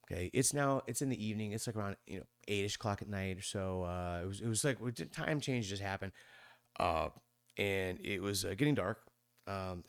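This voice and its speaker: A man in his fifties, a podcast guest, telling a long story in a rambling way and mimicking other people's voices with sudden high squeaks. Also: dry recording. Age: 50s. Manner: rambling with many restarts and fillers. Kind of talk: conversational storytelling.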